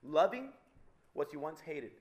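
A man preaching a sermon to a live audience, animated and teasing, swinging between loud and soft. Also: a little slow. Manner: animated, wide swings in pitch and loudness, teasing the crowd.

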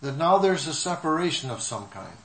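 A man preaching a sermon in short measured phrases, pausing so an interpreter can follow. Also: fairly high pitch, big pitch swings. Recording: echoey room with faint noise.

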